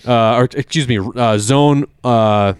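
A man's voice: medium pitch, measured pace, smooth, no room sound, studio quality. A man co-hosting a casual sports talk show, eager and tripping over terms as he explains. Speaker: co-host.

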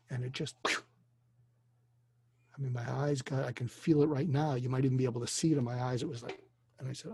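An older man, a psychiatrist, telling a story earnestly and deliberately, dropping to a hush for emotional moments. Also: medium pitch, fairly even intonation, breathy edge. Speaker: guest, psychiatrist. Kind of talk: storytelling in a conversation. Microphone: video call.

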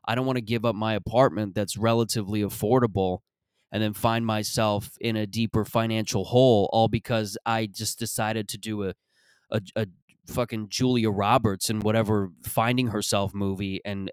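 A man's voice: fairly low pitch, fairly even intonation, moderate pace, clean tone, dry recording, clean studio sound. A man from Mississauga, Canada, hosting a podcast and rambling through a sarcastic, profane comic monologue full of restarts. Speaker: podcast host.

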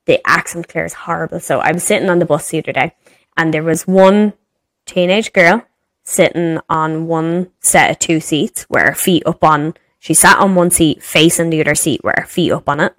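A woman's voice: sits low, moderate pace, a bit bright, dry recording. A woman in her thirties with an Irish accent, co-hosting a podcast and ranting in an exasperated, sweary way. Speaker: podcast co-host. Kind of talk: casual chat.

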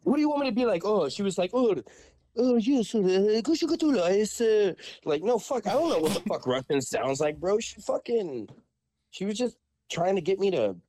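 A man casually telling profane stories on a podcast, acting out callers in mocking high voices. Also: very animated, fairly quick, mellow. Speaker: podcast co-host. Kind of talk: casual chat.

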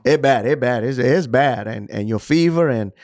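A man's voice: medium pitch, animated, moderate pace, a little mellow, dry recording, natural voice. A man imitating a worried male doctor with an Indian English accent who keeps repeating the bad news. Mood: grim. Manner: repetitive, grave.

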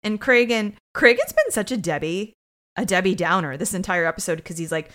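A woman co-hosting a podcast, retelling a TV episode in a lively, joking way with quoted asides. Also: medium pitch, brisk. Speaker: podcast co-host. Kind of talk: casual episode recap chat.

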